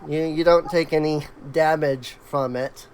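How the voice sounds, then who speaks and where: A woman narrating a tabletop game as game master, halting with many fillers and restarts. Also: low-pitched, steady tone, darkish tone, a little hiss or hum, low-quality recording.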